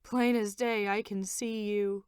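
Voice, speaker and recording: A woman's voice: on the high side, steady tone, slow, clear, resonant tone, no room sound, clean studio sound. Woman voicing a tearful, overjoyed young woman. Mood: tearful joy. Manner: raised, tremulous, emotional.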